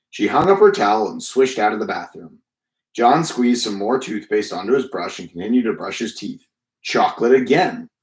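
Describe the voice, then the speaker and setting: Male reader, children's storybook narration, steady, roomy sound. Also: on the low side, normal speed. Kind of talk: children's book read-aloud.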